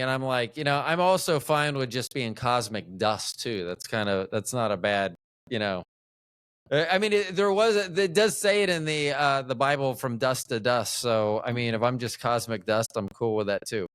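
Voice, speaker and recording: A man's voice: medium pitch, a bit bright, clean tone, dry recording, clean studio sound. A middle-aged American man hosting a casual interview, thinking aloud and rambling with frequent restarts. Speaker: podcast host.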